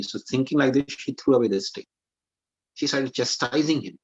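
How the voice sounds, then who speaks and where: A man preaching over a video call, telling a devotional story in animated fashion and quoting verses. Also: mid-range voice, brisk, slightly rough, highs cut off. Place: online meeting, video call. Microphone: computer mic on a video call.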